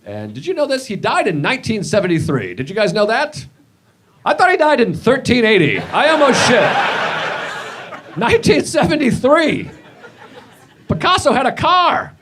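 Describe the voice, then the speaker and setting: A man doing a stand-up set, rambling and self-deprecating, with sudden shouted bits. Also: extremely high pitch, wildly swooping pitch, normal speed, long pauses. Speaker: stand-up comedian. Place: comedy stage. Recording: played clip with audience noise.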